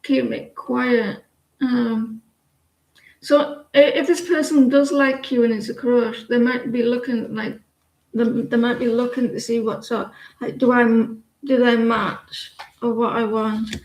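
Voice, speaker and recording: Lady in her 40s doing a tarot live, rambly and halting, kinda high voice, echoey room. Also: darkish tone. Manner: rambling, halting, full of fillers and restarts. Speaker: tarot reader. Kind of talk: live-stream tarot reading and casual chat.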